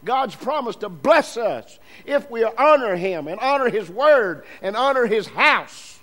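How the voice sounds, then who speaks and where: A man with a notably high-pitched voice preaches a sermon to his congregation. He drives his points home through repeated phrases, and his emphasis swells and drops as he goes. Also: expressive, unhurried, a bit bright, rough recording. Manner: emphatic preaching with repetitions and rising, falling emphasis.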